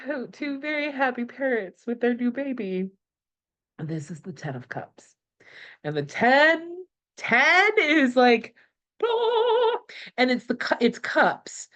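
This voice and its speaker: A woman's voice: a little high, big pitch swings, a little slow, a bit bright. Middle-aged lady chatting thru a tarot reading, lots of ums and restarts, gets all emotional. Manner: rambling, emotional, with many fillers and restarts. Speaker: tarot channeler. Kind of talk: casual spoken reflection.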